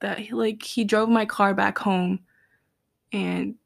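A young adult woman chatting with a friend, telling a long, animated story full of fillers. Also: medium pitch, takes it slowly, vocal fry, dry recording. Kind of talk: casual chat between friends.

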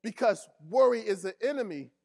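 A man's voice: sits high, animated, a little fast, gravelly, a little mellow. A man preaching a sermon as pastor, repeating his key phrases and drawing responses from the congregation in casual, colloquial speech.

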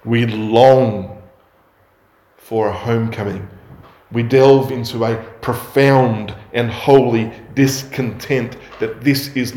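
A man of middle pitch preaching slowly and deliberately, stacking up phrases in steady repetition. His voice rings in a noticeably echoey room. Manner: slow, measured preaching with emphatic repetition. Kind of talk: sermon.

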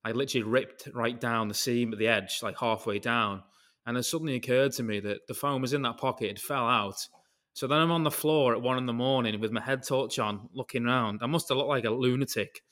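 A man's voice: medium pitch, a little fast, a bit bright. A man with a British accent, hosting a casual podcast chat and telling a long, rambling story full of tangents and casual swearing. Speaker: podcast host.

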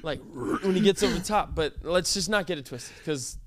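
Podcast co-host, male, high voice, animated storyteller, dry studio sound. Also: moderate pace, dry recording. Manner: animated, acts out quotes with big voice swings. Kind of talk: casual storytelling chat.

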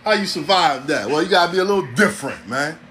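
A man's voice: a little high, animated, fast talker, bright, forceful tone, a little hiss or hum. A man, hosting a podcast in a blunt, profane, streetwise ranting monologue. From New York City. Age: 40s. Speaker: podcast host.

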